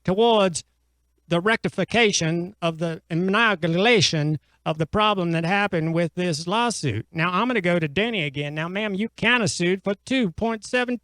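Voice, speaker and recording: A man's voice: high-pitched, moderate pace, fairly bright tone, no echo, poor audio. A man on an improv comedy radio show playing a pompous, long-winded judge who mangles big words. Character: blustering, pompous male courtroom judge. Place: radio studio. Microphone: studio mic.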